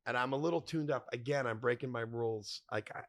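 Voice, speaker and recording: Speaking fast in a mid-range voice, a middle-aged podcast host tells stories in a bar. The chat is casual and rambling, full of profanity, jokes, and dropped names.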